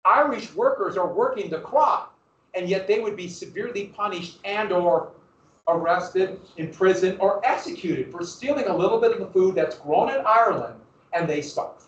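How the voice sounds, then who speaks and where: A man's voice: high-pitched, moderate pace. Male teacher lecturing in an echoey classroom. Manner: lively, asks the class questions, restarts phrases. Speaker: history teacher. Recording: roomy, distant, dull classroom recording.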